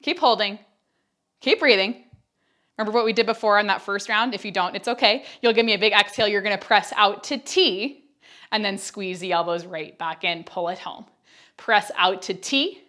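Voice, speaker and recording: A woman's voice: medium pitch, moderate pace, bright, forceful tone. Breathless woman cueing a Pilates workout. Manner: upbeat counting cues, chatty asides. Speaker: Pilates instructor. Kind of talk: follow-along workout cueing.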